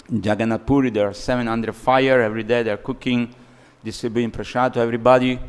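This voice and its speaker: A man giving a scripture lecture in a temple hall, telling stories animatedly in English with non-native grammar. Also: medium pitch. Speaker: preacher.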